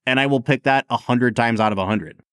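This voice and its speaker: A man's voice: mid-range voice, fairly quick, smooth, dry recording, clean studio sound. A man co-hosting a podcast, chatting casually about films with lots of fillers. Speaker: podcast co-host.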